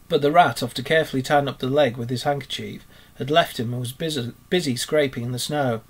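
A man teacher reads a children's chapter book aloud in a steady, expressive storytelling voice. His tone sits at an ordinary middle pitch with a husky, breathy grain. He paces the narration evenly for young listeners. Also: a little fast. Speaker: teacher reading to pupils.

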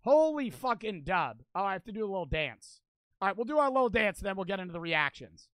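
A man's voice: high voice, very animated, fast, a bit bright, dry recording. A young man livestreaming for charity, casually thanking donors one after another, cursing constantly and a little out of breath.

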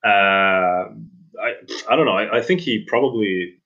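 A man guest on a casual podcast, talking in a rambling, halting way with many restarts. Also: on the low side, sharp tone, lo-fi sound. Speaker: game sound designer guest.

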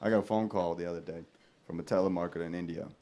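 A man performing a stand-up comedy set with a sardonic, deadpan delivery. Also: low-pitched, rapid-fire. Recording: comedy club set with audience laughter. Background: crowd laughter.

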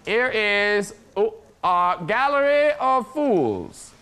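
Teasing male talk-show host, lively pitch. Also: clear, resonant tone. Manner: teasing, quick, laughing. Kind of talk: studio chat show banter. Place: TV studio with live audience. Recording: loud audience and studio noise.

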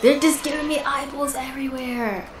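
A woman's voice: high-pitched, fairly even intonation, normal speed, echoey room, soft background music, low-quality recording. A woman hosting a gaming channel, chatting casually and exclaiming in frustration as she plays. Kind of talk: casual gameplay commentary.

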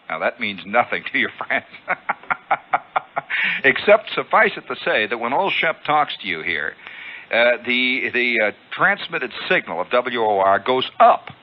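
A man spinning an animated, chuckling radio monologue and acting out the scene, heard through a lo-fi old radio broadcast. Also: on the low side. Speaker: radio storyteller.

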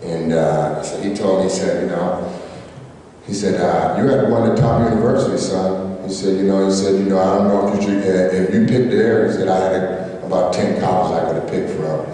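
A middle-aged man giving an emotional, halting hall of fame acceptance speech, full of fillers and jokes. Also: deep voice, little pitch movement, mellow, slight background noise. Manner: halting, many fillers and restarts, joking. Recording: echoey hall, distant mic, faint ambience.

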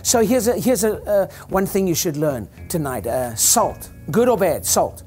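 A man's voice: sits high, sing-song, measured pace, darkish tone, faint music behind. An older man, a chiropractor, giving an informal talk to an audience in a rambling, joking, preacher-like way.

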